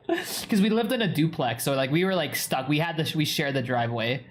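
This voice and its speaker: A young man with a New England accent talks to his stream viewers in a loose, rambling way. His voice sits a bit high for a man. He piles on "like" fillers and swears freely. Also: expressive, moderate pace. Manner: rambling, heavy use of "like" and swearing. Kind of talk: casual live-stream chat reading viewer comments.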